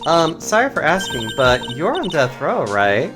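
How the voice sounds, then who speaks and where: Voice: medium pitch, big pitch swings, unhurried, pitched above the performer's own voice. A streamer voicing a nervous young female defense lawyer, in a hesitant, polite manner. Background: game music.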